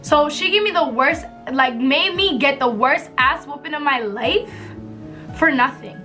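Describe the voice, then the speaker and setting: A young woman vlogger tells a story casually, full of slang and frequent laughter. Her voice is high and bright, and faint music plays underneath. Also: measured pace. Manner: animated, laughs often, slangy and blunt.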